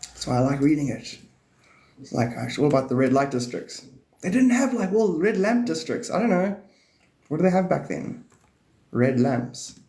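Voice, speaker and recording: A man's voice: a little high, very animated, moderate pace, long pauses, mellow, echoey room. A man hosting a live stream, chatting in a rambling way, laughing often and swearing as he jumps between topics.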